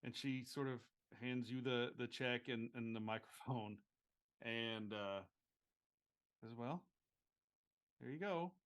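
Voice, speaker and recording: A man playing a tabletop game, narrating his character's actions with halting pauses and fillers. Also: mid-range voice, flat delivery, a bit bright, smooth. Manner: slow, halting, with many fillers. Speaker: player.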